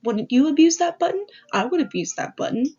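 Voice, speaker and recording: Casual woman host explaining slides, rambling asides, dull muffled recording, slightly high voice. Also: lively intonation, brisk, warm tone. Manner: rambling, self-aware, swearing asides. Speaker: video essay host. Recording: dull lo-fi audio.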